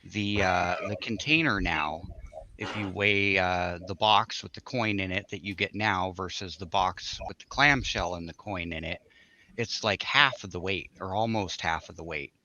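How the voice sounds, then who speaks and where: A man's voice: low-pitched, moderate pace, sharp tone, slight background noise. A man joining a livestream as a guest, thoughtfully explaining his view. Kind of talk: casual livestream chat. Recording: dull lo-fi audio.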